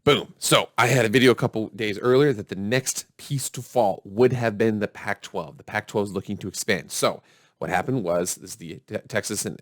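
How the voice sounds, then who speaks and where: A man's voice: lowish voice, no room sound, clean studio sound. Upbeat man hosting a football show. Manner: upbeat and chatty, hypes the audience. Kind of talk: casual sports commentary.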